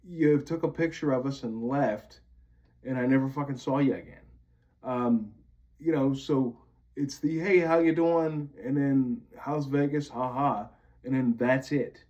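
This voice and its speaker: A man's voice: medium pitch, measured pace, mellow. Vlogger, man from Pennsylvania, angry profane monologue, muffled lo-fi audio. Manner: bitter, profane ranting. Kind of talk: venting monologue to camera.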